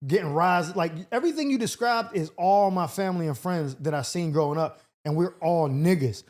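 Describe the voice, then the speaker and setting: Rambling young man with a higher voice. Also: a little fast, darkish tone. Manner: loose, rambling, full of fillers and restarts. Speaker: podcast host. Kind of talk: casual podcast chat.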